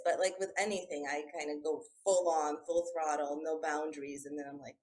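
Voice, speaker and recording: A woman hosting a podcast interview, talking in an animated, self-interrupting way and laughing often. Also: low voice, moderate pace, hardly any pauses, poor audio. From immigrant, schooled in English by her father. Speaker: podcast host. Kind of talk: casual interview chat.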